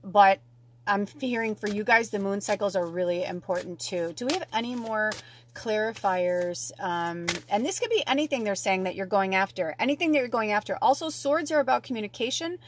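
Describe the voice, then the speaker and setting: A woman's voice: medium pitch, animated, brisk, slight background noise. A woman giving a casual spiritual card reading, chatty and gushing, thinking aloud and swearing now and then. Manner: thinks aloud, with many fillers and restarts. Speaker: tarot and oracle card reader.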